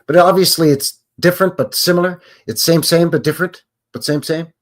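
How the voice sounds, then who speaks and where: A man's voice: a little high, fairly even intonation, brisk. A man hosting a livestream, chatting casually with viewers in a rambling, self-questioning way. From Canada. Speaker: livestream host. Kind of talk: casual chat with live viewers.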